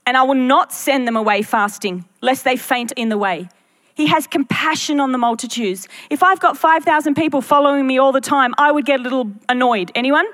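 A woman's voice: high voice, brisk, a bit bright. A woman pastor preaching a sermon to her church, earnest and full of rhetorical questions to the congregation.

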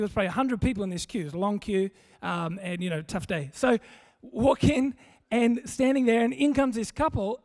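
High-voiced preacher in a hall. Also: male voice. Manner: conversational, humorous, animated storytelling. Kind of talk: sermon with storytelling. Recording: long hall reverb.

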